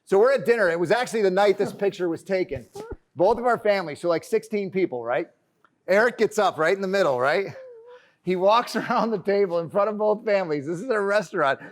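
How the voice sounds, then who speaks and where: High-voiced, joking motivational speaker man. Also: fairly quick. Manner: energetic and joking, addresses the crowd as friends. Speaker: keynote speaker. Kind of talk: motivational talk to a live audience. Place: conference stage.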